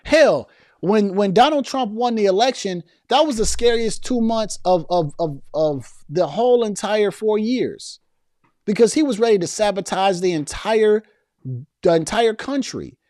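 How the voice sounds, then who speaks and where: A man's voice: sits high, lively intonation, a little slow, a little mellow, dry recording, studio quality. A man hosting a casual political commentary stream, reading viewer comments and talking loosely with slang, frequent restarts and repeated words.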